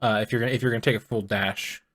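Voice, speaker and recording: A man's voice: lowish voice, very fast, no room sound. Man game master, dry close mic. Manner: relaxed, hesitant narration with many ums and uhs. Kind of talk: narrating a tabletop game.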